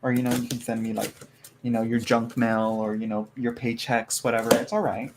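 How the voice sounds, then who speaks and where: A man's voice: medium pitch, little pitch movement, fairly quick, noisy background. A man chatting casually to live viewers as he unboxes a tarot haul, rambling with many fillers and small asides.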